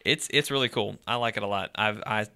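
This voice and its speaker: Guy on a podcast, gravelly crackly voice but bright and punchy, laid-back storyteller. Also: lowish voice, brisk, no room sound. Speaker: podcast co-host. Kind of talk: casual chat.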